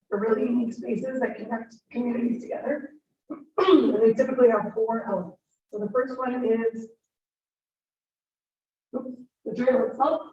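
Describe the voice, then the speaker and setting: A hoarse woman giving an upbeat, informal presentation to a group, explaining things step by step. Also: fairly high pitch, darkish tone, slight background noise. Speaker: guest speaker. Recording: distant roomy dull meeting recording.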